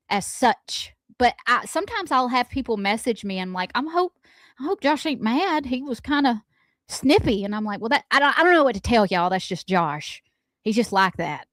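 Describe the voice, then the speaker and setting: A woman co-hosting a morning radio show. She tells animated stories about her day in a fairly high voice, poking fun at herself as she goes. The sound is close and dry in the studio. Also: dry recording. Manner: chatty, animated anecdotes, self-deprecating. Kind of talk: casual storytelling chat.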